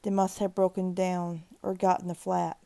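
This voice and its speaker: A woman reading a creepypasta aloud in a steady, grim narration with occasional restarts. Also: lowish voice, normal speed, creaky, no echo. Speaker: horror story narrator.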